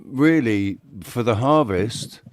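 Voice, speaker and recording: A man's voice: medium pitch, expressive, takes it slowly, no room sound, clean studio sound. A man hosting a casual chat, swearing freely and often restarting his sentences.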